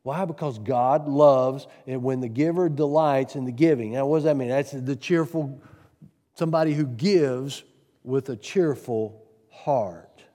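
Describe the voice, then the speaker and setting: A man preaching a sermon on giving, earnest, piling up rhetorical questions and swinging from loud to soft. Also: medium pitch, measured pace, big-room sound. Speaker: pastor.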